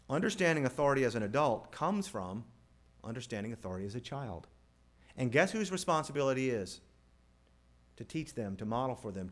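A man preaching a sermon in an animated way, asking the crowd rhetorical questions and quoting scripture. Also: medium pitch. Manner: animated, rhetorical questions, mimics family scenes. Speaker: pastor.

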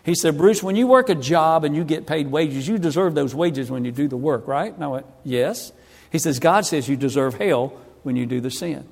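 A man's voice: a little high, expressive, moderate pace, vocal fry, a little mellow. A middle-aged man from North Carolina, telling his conversion story as a sermon, acting out the voices of the people in it. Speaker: evangelist giving his testimony. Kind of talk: sermon testimony. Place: church hall. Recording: long hall reverb.

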